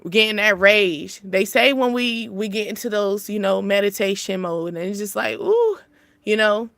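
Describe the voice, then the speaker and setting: A woman hosting a spiritual channel, giving a casual motivational talk. She rambles, repeats herself and laughs often, swinging between emphatic highs and soft asides. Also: no echo.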